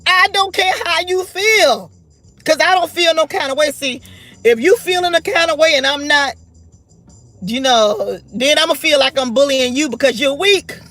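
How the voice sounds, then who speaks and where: A woman's voice: sits high, normal speed, bright, forceful tone. A woman in her late forties vents in a blunt, defiant vlog rant with emphatic repetition. Faint music plays underneath her voice throughout. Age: 40s. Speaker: vlogger. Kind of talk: unscripted rant to camera.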